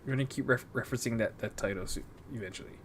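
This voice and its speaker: Podcast host, a man, mid-pitched, restarts a lot. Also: rapid-fire, fairly bright tone, slight background noise. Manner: stammering, repeats words often. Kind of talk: casual chat.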